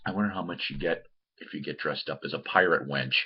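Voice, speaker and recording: A man with a very deep, husky voice talks casually to his viewers from a room at home, wandering from point to point and restarting his sentences. The sound is dull and lo-fi, like a simple home recording. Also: fast. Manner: rambling, repeats words and restarts, addresses viewers as guys. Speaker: host of a record-collecting show. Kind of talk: casual chatty monologue to viewers.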